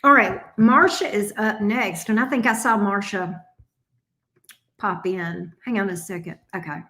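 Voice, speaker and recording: Woman tarot reader, unhurried live-stream host, roomy echo. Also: mid-range voice, sharp tone. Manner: chatty, repeats questions while shuffling.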